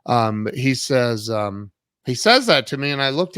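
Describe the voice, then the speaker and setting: He's a middle-aged man, both author and CEO, relating his own experiences in an interview with earnest, animated delivery at a normal pace. Reenacting past exchanges, he jumps abruptly in volume. The medium-pitched voice is clear and resonant, on a dry, clean studio recording.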